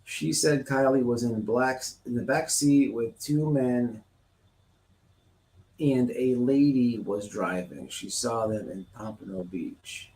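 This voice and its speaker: Animated man livestreaming in an echoey room. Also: medium pitch, takes it slowly, recorded from a distance. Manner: animated, repetitive, acts out scenes. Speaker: livestream host. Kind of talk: casual live-stream talk. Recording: roomy, off-mic sound.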